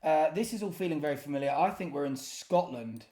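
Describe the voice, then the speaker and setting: A man's voice: a little high, lively intonation, fairly quick, warm tone. A man giving casual, self-deprecating commentary while playing a geography guessing game, often muttering in exasperation. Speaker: gaming YouTuber.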